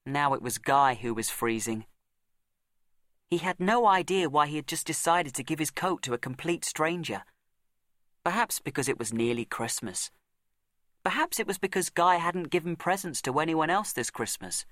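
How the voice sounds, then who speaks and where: A man narrates a storybook in a slightly high voice. He reads in a measured, deliberate way, slowing down and pausing for effect. The recording is close and dry, with no room sound. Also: lively intonation, a bit bright, no echo. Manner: measured, dramatic pauses and slowed emphasis.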